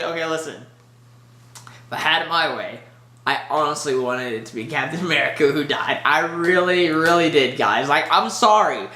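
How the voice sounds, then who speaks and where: Rambly excited movie reviewer gushing in a casual vlog, bright voice, roomy echo. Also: mid-range voice.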